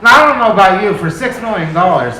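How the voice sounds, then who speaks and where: A man's voice: high-pitched, lively intonation, quick pace, pushed and bright. A man performing a loose, profane, self-deprecating stand-up comedy set on a club stage. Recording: echoey club with crowd laughter. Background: audience laughter.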